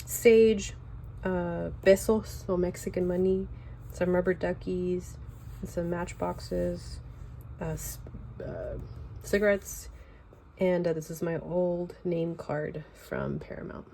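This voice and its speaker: A young woman with a Californian accent chats casually at home while showing her sketchbook, rambling loosely with plenty of fillers. Her lowish voice is warm and creaky, fairly even in intonation and slow, with slight background noise.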